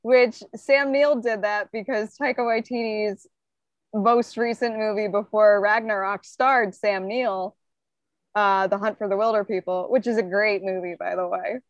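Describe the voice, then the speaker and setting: A woman co-hosting a movie podcast in casual chat, quick with short reactions and asides. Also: medium pitch, fairly even intonation, no room sound. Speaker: podcast co-host.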